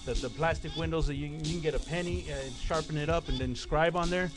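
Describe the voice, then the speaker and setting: A man telling stories as an interview guest, switching into quoted voices and swearing freely. His voice sits slightly high for a man. Music plays clearly behind him throughout. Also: brisk. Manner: animated storyteller acting out quoted voices, profane. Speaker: graffiti artist guest. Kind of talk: casual storytelling in interview.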